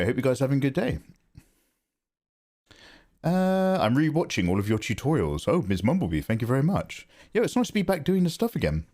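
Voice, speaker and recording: A man's voice: mid-range voice, darkish tone. A man chatting casually on a live art stream, rambling, joking and reading out his chat from home. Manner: chatty, rambling, quick to joke, reads chat aloud. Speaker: live-streaming digital artist.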